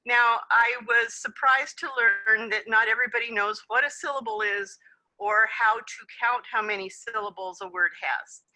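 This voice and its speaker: Woman, conference presenter, very bright tone, friendly explaining, video call sound. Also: medium pitch, low-quality recording. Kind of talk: webinar presentation.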